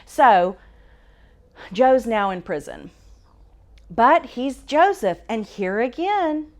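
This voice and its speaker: A woman's voice: fairly high pitch, big pitch swings, takes it slowly, a little mellow. A woman teaching a Bible study to a live group in a church room, talking casually, asking the group questions and correcting herself as she goes. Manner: conversational, asks the group questions, self-correcting.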